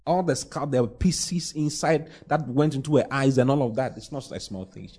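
A man's voice: medium pitch, moderate pace, mellow, slightly rough. A man preaching a sermon, pushing key lines with emphatic, rising exclamations and playful mock voices. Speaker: pastor.

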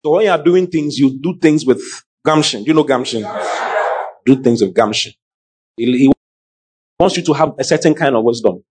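A middle-aged man preaching a sermon, calling out to the congregation in an animated way. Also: medium pitch, normal speed, long pauses, breathy edge. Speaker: pastor.

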